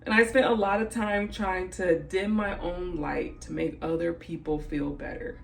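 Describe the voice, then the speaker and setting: Candid young woman with a gravelly voice. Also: fairly low pitch, fairly even intonation, moderate pace, poor audio. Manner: tearful, laughing through tears, candid. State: crying. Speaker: vlogger. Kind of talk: emotional personal vlog.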